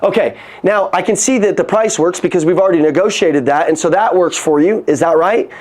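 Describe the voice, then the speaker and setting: Sales coach, male, high voice, energetic, swears, acts out dialogue. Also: a little fast. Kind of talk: coaching talk on a call.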